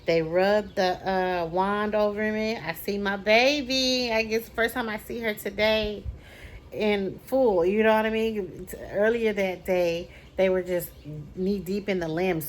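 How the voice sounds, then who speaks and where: A woman's voice: medium pitch, fairly even intonation, unhurried, a little hiss or hum. Emphatic woman telling a personal story. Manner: emphatic, repeats phrases for effect. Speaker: vlogger.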